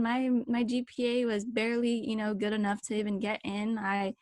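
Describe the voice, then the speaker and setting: A woman's voice: a little high, moderate pace, dry recording, clean studio sound. Young woman telling a story, filler-heavy. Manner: animated storytelling, many fillers. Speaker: podcast co-host. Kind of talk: casual chat.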